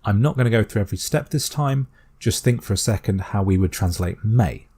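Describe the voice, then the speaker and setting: A British man explaining a constructed language step by step in a calm, methodical tutorial voice. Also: on the low side, a little fast, husky. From Britain. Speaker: language teacher.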